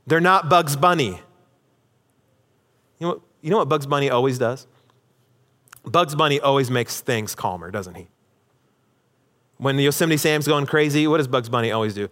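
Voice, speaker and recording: A man's voice: medium pitch, moderate pace, long pauses, a bit bright. A man preaching a sermon to a congregation, emphatic, acting out quoted lines. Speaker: pastor. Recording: long hall reverb.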